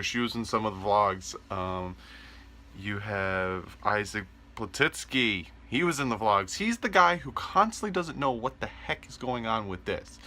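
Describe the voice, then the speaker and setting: Low-voiced young man vlogging from his bedroom. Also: bright, forceful tone. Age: 20s. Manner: rambling, joking, full of ums. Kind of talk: casual vlog talk to camera.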